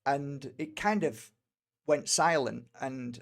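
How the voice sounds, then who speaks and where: A middle-aged British man, an energy healer and tarot reader, speaks slowly in a gravelly, mid-range voice. He rambles through a personal story full of fillers and restarts.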